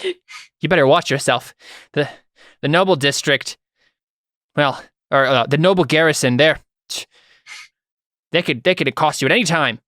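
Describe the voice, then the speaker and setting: A man's voice: a little high, normal speed, pauses often, a bit bright, no echo, clean studio sound. Rambling man running a tabletop game. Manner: rambling, hesitant with many fillers. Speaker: game master.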